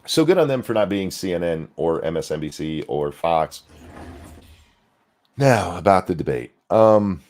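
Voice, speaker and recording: A political commentary streamer gives a blunt, sarcastic reaction rant, swearing freely while battling the hiccups. His voice is low, a little mellow and slightly slow, with lively intonation.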